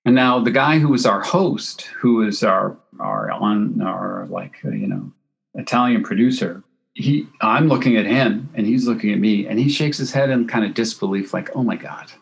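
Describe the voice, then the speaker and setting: A man, a photographer being interviewed, telling a story in a casual, animated way and acting out what people said. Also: lowish voice, moderate pace, creaky, low-quality recording. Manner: animated anecdote-telling with acted-out quotes. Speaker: photographer guest.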